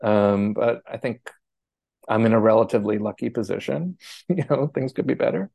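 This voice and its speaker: A man being interviewed, answering in a thoughtful, hesitant way with many pauses, fillers and restarts. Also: medium pitch, vocal fry, dark tone, dry recording. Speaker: architecture scholar, interviewee.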